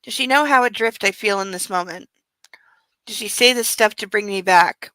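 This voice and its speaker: A woman's voice: mid-range voice, normal speed, pushed and bright, dry recording, low-quality recording. A woman reading a novel aloud and breaking off into sarcastic, exasperated asides, in a close home recording. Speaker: book club reader. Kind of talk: comedic book reading with commentary.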